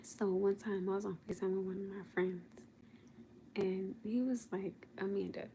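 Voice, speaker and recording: A woman's voice: medium pitch, fairly even intonation, fairly quick, creaky, mellow, a little hiss or hum. A young woman chatting casually with viewers on a late-night livestream from her bed, sleepy and teasing, laughing often. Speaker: livestream host. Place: at home in bed.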